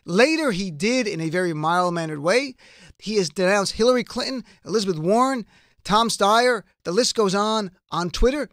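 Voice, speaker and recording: A man's voice: high voice, lively intonation, normal speed, fairly bright tone, dry recording, studio quality. A man hosting a political talk show, making an emphatic, passionate case full of rhetorical questions. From United States. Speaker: radio show host. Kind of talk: political commentary.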